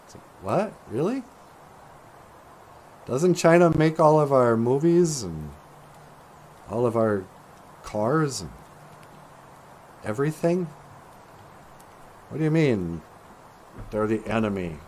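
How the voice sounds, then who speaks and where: A man's voice: medium pitch, big pitch swings, slow pace, pauses often, a little mellow, a little hiss or hum. A middle-aged man hosting a livestream show, rambling casually and joking, chuckling at his own asides.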